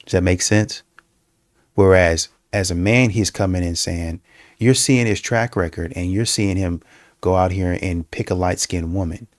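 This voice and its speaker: A man's voice: sits low, moderate pace, no echo, clean studio sound. A man giving casual reaction commentary, repetitive and emphatic, with many fillers and restarts. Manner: breaks into mocking, animated quoting.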